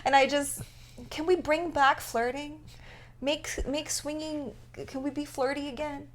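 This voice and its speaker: A woman co-hosting a podcast in casual chat, bubbly and quick to laugh. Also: high voice, steady tone, a little hiss or hum. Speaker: podcast co-host.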